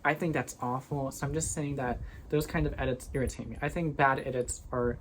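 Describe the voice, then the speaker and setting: Low-voiced woman rambling to her phone in her bedroom, lots of restarts, noisy hiss behind. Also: fairly even intonation, fairly quick. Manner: rambling, chatty, often restarts sentences. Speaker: vlogger. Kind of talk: casual chat to camera. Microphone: phone propped on a windowsill.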